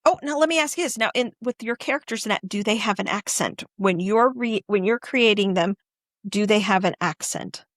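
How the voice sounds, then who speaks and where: A woman's voice: medium pitch, brisk, no room sound, clean studio sound. Chatty American woman podcast host. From United States. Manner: chatty, rambling, apologetic questions. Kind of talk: casual interview chat.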